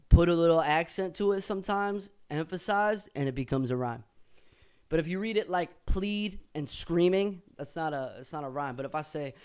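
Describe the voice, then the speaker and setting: A man's voice: fairly high pitch, moderate pace, a little mellow, clear, resonant tone. A man explaining his own rap lyrics in a casual, profane way, thinking aloud and correcting himself as he goes. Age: older than he was. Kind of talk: casual explanation with rapped excerpts.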